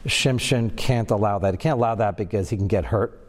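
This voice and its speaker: A man giving a Torah class lecture, animated, jumping to a high pitch when he acts out quoted lines. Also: a little fast, big-room sound. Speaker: Torah teacher.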